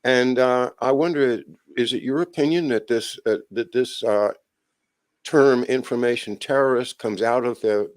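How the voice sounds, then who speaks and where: A man hosting an interview, asking long questions in a halting way, with many fillers and restarts. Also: on the low side, darkish tone, dry recording. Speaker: host.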